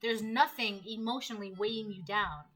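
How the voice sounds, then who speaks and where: A woman giving a casual tarot reading, chatty and rambling, slipping into quick voiced asides. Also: mid-range voice, fairly bright tone, poor audio. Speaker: tarot reader.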